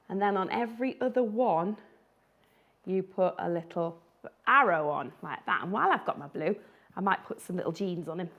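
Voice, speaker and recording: Lively woman illustrator running a drawing class. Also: medium pitch. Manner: chatty and playful, laughs often. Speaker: children's book illustrator. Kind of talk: live drawing tutorial.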